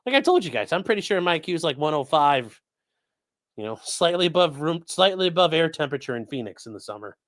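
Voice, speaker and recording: A man streaming legal commentary, talking in a lively, swooping voice that sits a little high for a man, and often swearing freely. The sound is dry and close, with no room around it. Now and then he breaks off to coax his dogs in a sing-song tone. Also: fast talker, no room sound. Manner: profane and blunt, swearing freely. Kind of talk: casual live-stream commentary reading chat.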